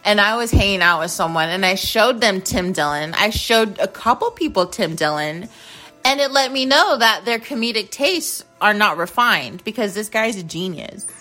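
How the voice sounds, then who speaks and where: A woman's voice: medium pitch, lively intonation, normal speed, sharp tone, soft background music. A woman hosting her own show, ranting casually in a blunt, profane, rambling way. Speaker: host. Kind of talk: casual rant to camera.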